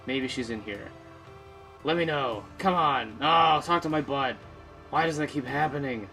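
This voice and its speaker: A man's voice: medium pitch, measured pace, vocal fry, sharp tone. Man, let's player, dry self-mocking asides over faint game music. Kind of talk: casual gameplay commentary.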